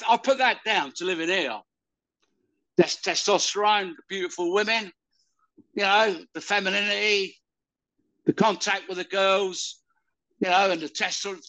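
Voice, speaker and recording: Loud older man, rambling. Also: high voice, normal speed, low-quality recording. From United Kingdom. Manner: loud, rambling, calls the listener "mate". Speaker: interviewee. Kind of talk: casual conversation.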